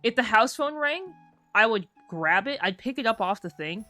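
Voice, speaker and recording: A woman's voice: a little high, expressive, normal speed, sharp tone, no room sound, soft background music. A young woman streamer chatting casually while she plays, rambling through stories and saying "like" a lot. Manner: rambling storyteller, heavy use of "like". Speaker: game streamer. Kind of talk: casual chat while gaming.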